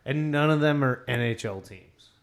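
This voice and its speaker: A man co-hosts a relaxed drinks podcast. He chimes in quickly and often talks over the others. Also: medium pitch. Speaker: podcast co-host. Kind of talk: casual chat.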